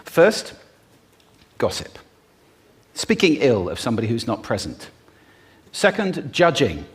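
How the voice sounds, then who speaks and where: A man giving a prepared public talk, delivering it emphatically with dramatic pauses. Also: medium pitch, wildly swooping pitch.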